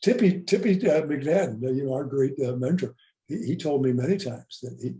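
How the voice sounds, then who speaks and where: A man's voice: medium pitch, brisk, mellow, reverberant. An older man hosting a podcast, reflecting earnestly and often repeating words as he speaks. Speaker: podcast host. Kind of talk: reflective interview talk.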